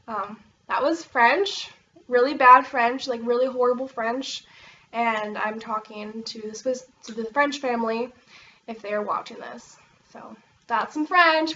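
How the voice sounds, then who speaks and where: A woman's voice: high voice, steady tone, normal speed, a bit bright, far from the mic, muffled recording. A young American woman from Oregon chatting casually to camera, rambling with lots of fillers and bubbly bursts. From Oregon, USA. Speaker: vlogger.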